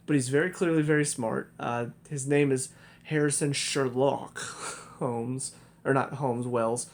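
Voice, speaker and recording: A man's voice: a little high, steady tone, moderate pace. A young man giving a casual spoken review, talking in a loose, rambling way with lots of fillers and restarts. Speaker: TV show reviewer.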